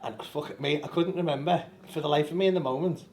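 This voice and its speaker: Sweary comedian with a raised voice. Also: male voice, fairly high pitch, darkish tone. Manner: blunt, sweary, quick banter. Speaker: touring stand-up comedian. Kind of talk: casual backstage chat. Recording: echoey room.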